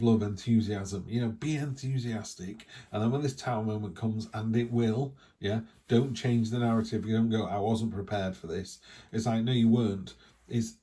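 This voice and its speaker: A man's voice: fairly low pitch, mellow. A middle-aged man with an English accent giving a casual, rambling weekly tarot reading, breaking off now and then to cough. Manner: chatty, rambling, with asides. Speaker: tarot reader.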